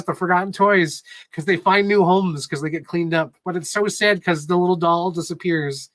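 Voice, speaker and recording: A man talks casually on a live stream with a bright, forceful tone, his voice sitting a little high. He rambles excitedly through story recaps and turns sentimental easily. The sound is dry and close. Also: normal speed, few pauses, no room sound, poor audio. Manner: sentimental, gets choked up.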